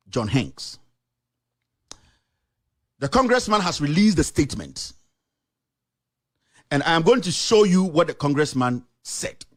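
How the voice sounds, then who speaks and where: Emphatic man with lively high pitch. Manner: emphatic, repetitive, switching between English and local phrases. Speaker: journalist and show host. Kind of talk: emphatic commentary to camera.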